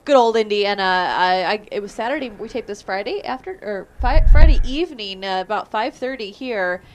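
A woman's voice: mid-range voice, animated, brisk, a little mellow. A woman hosting a live online talk show, chatty, with frequent "uh"s and easy laughter. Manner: chatty, laughs easily, filler "uh"s. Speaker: host. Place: Indiana, US.

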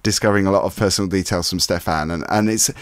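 A man co-hosting a film review show, giving earnest, measured praise in casual chat. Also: deep voice, no echo, clean studio sound.

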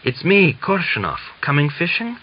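A man's voice: a little high, big pitch swings, normal speed, slight background noise, voice pushed up. A man voicing a bold young village man who wheedles and coaxes, in a dull lo-fi audiobook recording. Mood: impatient. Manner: wheedling, then impatient.

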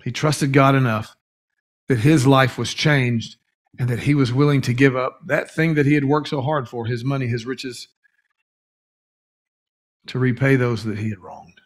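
A man's voice: medium pitch, fairly even intonation, normal speed, long pauses. A man preaching a sermon in a church as pastor, earnest, stretching key words for emphasis, with a few restarts. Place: church sanctuary.

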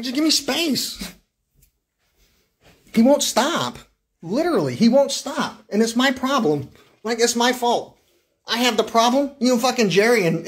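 A man on a livestream, ranting in an agitated, profane monologue, firing off repeated questions, stumbling over words and breaking into laughter. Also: very high voice. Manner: frequent bursts of laughter mid-rant. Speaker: live streamer.

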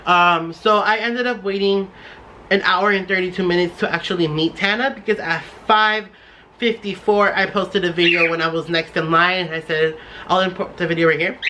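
A young man from the San Francisco Bay Area telling a storytime vlog, gushing and excitable, with lots of "like" fillers. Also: sits high, slight background noise. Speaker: vlogger.

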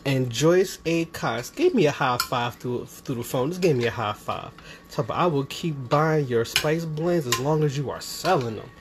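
Young guy reading out chat comments, jokey and chill, mid-pitched, little dish noise in the back. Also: moderate pace. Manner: teasing, laughing easily. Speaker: co-host reading viewer comments. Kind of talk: casual livestream chat.

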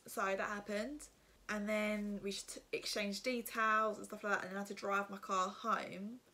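A young woman tells her viewers a story in a loose, chatty way. She rambles and fills her sentences with fillers, and her voice sits in a middling pitch. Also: fairly even intonation, moderate pace, sharp tone. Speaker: vlogger. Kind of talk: casual storytime.

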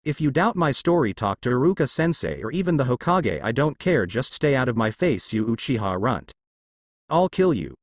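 A man's voice: mid-range voice, big pitch swings, moderate pace, no echo. A man reading the part of a cold, menacing teenage ninja boy with vampire powers, in a cool and threatening way.

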